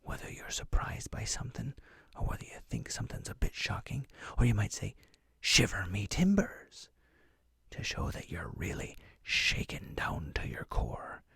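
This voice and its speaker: A man's voice: on the low side, wildly swooping pitch, moderate pace, vocal fry, fairly bright tone, husky, no room sound, full character voice. A man doing whispered role-play as a jolly, grandiose pirate captain, speaking in flowery pirate dialect. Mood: hushed jovial. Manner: flowery, theatrical, teaching pirate slang. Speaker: ASMR host.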